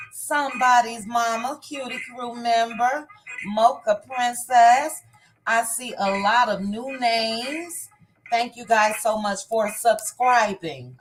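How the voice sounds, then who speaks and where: A woman's voice: on the high side, a little hiss or hum, low-quality recording. A woman hosting a casual live stream, greeting viewers by name one after another. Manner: warm shout-outs, reading names one by one.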